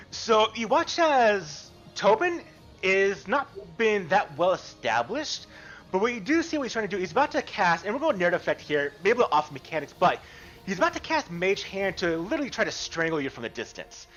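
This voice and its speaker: A man narrates a tabletop game as game master, in an animated, rambling way with fillers. His voice is high and very lively in pitch. The sound is slightly dull, with faint music behind him.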